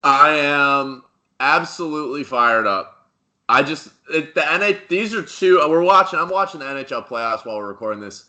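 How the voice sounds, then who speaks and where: A young man co-hosting a casual sports podcast, talking excitably and rambling through restarts. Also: fairly high pitch, normal speed. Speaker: podcast co-host.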